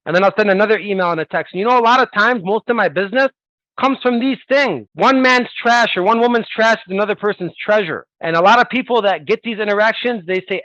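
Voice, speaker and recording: Man, sales coach, high voice, rapid delivery, persuasive, dry lo-fi recording. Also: dry recording. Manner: energetic, persuasive, role-plays sales calls.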